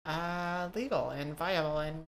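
A woman co-hosting a casual podcast chat, joking dryly and pausing often on fillers. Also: sits low. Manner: dry, joking, hesitant with fillers.

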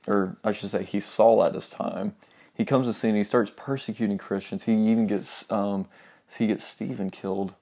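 A young man preaching in an earnest, informal way. His voice is low, gravelly and mellow. He reads scripture aloud and sometimes sinks to a soft near-whisper to drive a point home. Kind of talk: informal sermon with Bible reading.

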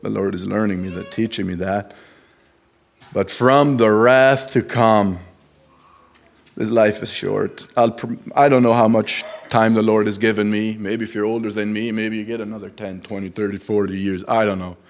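During a church service, a lay preacher gives a sermon in a fairly low, steady voice. He is earnest and plain-spoken but halting, restarting his sentences and rising in emphasis when quoting Scripture.

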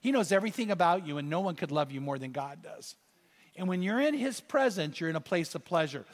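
High-voiced animated male preacher in a hall. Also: brisk. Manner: animated storytelling with rising exclamations. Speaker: pastor. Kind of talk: sermon. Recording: reverberant hall sound.

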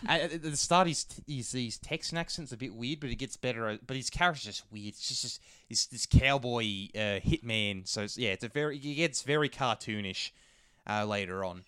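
A man's voice: mid-range voice, brisk, bright, forceful tone, clear, resonant tone, dry recording, clean studio sound. A man chatting casually, rambling with lots of restarts and fillers, swearing freely. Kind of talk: casual chat.

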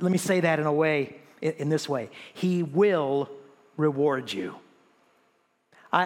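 A man preaching a sermon as pastor, animated, with many restarts and rhetorical questions to the congregation. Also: high-pitched, in a large hall.

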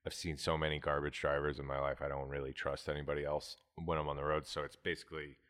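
A man's voice: extremely low pitch, level tone, quick pace, fairly bright tone. A man chatting casually as a podcast guest, rambling and swearing freely. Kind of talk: casual chat.

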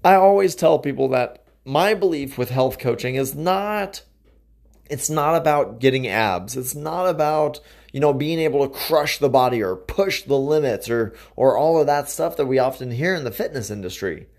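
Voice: mid-range voice, animated, moderate pace, a little mellow. A podcast host and health coach giving an enthusiastic, conversational motivational monologue.

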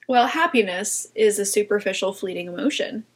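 A woman's voice: medium pitch, expressive, a little fast, slightly rough. A young woman co-hosting a podcast, chatting casually and reflecting on her friend's story. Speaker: podcast co-host. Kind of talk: casual chat.

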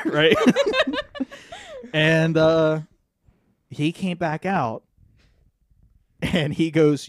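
Brief: young guy, slightly high voice, dry close mic, swears a lot, laughs mid-story. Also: no echo. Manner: profane, rambling, laughs through his own story. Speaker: podcast co-host. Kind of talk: casual storytelling chat.

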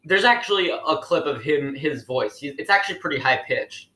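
A man's voice: a little high, animated, fairly quick, pushed and bright. A man hosting an improvised comedy interview, hesitant and stammering, asking incredulous questions. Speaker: host. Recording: roomy echo.

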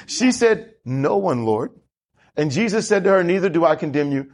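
A man preaching a lively sermon as pastor, asking the congregation questions and drawing answers back. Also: sits high, brisk. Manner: animated preaching with congregation call-and-response.

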